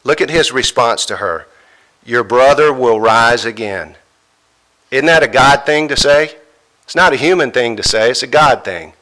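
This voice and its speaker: A man preaching a sermon, emphatic, pausing dramatically as he quotes scripture. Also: medium pitch, lively intonation, pushed and bright.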